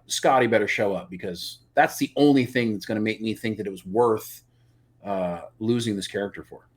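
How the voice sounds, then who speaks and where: A man co-hosting a live review podcast, chatting casually and getting animated as he makes his points. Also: mid-range voice. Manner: animated, opinionated, repeats words when excited. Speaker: podcast co-host.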